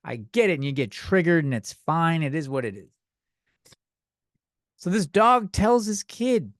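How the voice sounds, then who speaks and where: Young guy yapping into a desk mic, bit high voice, dry sound, rambly and sweary. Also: sing-song, a little slow, pauses often, no echo. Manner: rambling, profane, self-deprecating. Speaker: podcast host. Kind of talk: comedic rant podcast. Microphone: desk microphone.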